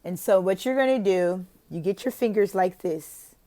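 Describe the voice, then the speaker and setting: A woman's voice: mid-range voice, moderate pace, dark tone. Brief: woman, casual teaching vlog, playful, laughs a lot, acts out chants. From lives in Oklahoma, not from there. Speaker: online teacher and video host.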